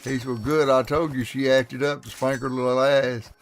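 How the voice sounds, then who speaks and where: Gravelly man spinning folksy yarns. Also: mid-range voice, flat delivery, normal speed, a little hiss or hum. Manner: folksy, laughs often, acts out his quotes. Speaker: streamer. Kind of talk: casual storytelling on a live stream.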